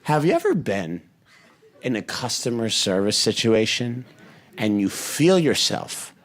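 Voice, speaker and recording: A man doing a stand-up comedy set, animated and building to exasperated shouting. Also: on the low side, measured pace.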